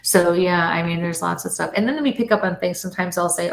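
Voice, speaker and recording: A woman's voice: lowish voice, a little fast, gravelly, hardly any pauses, a little hiss or hum. A middle-aged woman telling stories in a casual chat, acting out the voices of the people she quotes. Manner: animated storyteller, acts out quoted voices. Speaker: guest. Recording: roomy echo.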